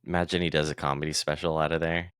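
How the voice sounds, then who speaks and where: A man's voice: very deep voice, flat delivery, fast talker, a bit bright, clean tone, dry recording, clean studio sound. A man co-hosting a podcast in easygoing, jokey casual chat. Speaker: podcast co-host.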